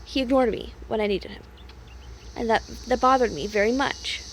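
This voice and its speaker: Young woman ranting on her vlog, high voice, cursing a lot, crickets faint in the back. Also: normal speed, slight background noise. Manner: upset, swears freely, rambling with fillers. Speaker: vlogger. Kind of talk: casual venting monologue.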